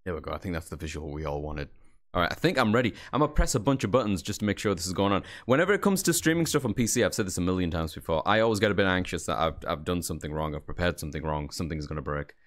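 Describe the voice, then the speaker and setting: A man's voice: sits low, expressive, rapid-fire. A man streaming a game, chatting casually with viewers in a rambling, jokey, self-deprecating way. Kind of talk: casual livestream chat.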